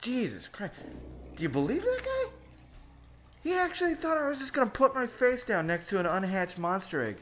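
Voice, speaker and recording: A man voicing a panicky, dim-witted spaceship captain who yells in a high, frantic voice. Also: big pitch swings, slow. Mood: panicked.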